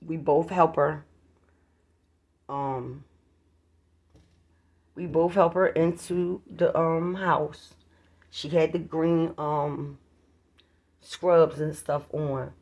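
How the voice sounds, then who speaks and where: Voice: mid-range voice, fairly even intonation, extremely slow, creaky, long pauses, a little mellow. A vlogger recording at home on a handheld phone, talking casually to viewers in a rambling, profane way and calling them y'all. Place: at home, near a street.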